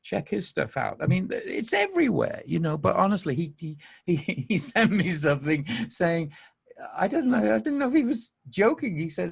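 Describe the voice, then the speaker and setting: Gravelly Mancunian man hosting a podcast. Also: high-pitched, huge pitch swings, normal speed. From England. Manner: enthusiastic, rambling, frequent laughs. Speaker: podcast host. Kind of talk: casual monologue.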